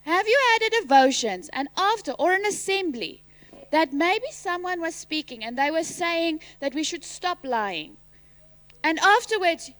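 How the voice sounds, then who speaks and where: High, bright-voiced teacher. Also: female voice. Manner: animated, teasing, quizzing the pupils, calling out loudly at times. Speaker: teacher leading a school assembly. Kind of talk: school assembly address. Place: school assembly. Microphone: microphone.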